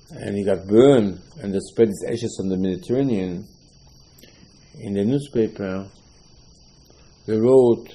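An older male rabbi gives a Torah lecture, his showing through. His voice is husky and warm, and he tells stories with emphatic repetition, acting out the quotes. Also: lowish voice, poor audio.

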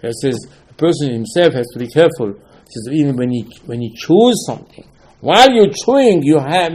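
A man's voice: a little high, mellow. Emphatic man giving a Torah lecture. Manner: emphatic, repeats phrases, halting English. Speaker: Torah teacher.

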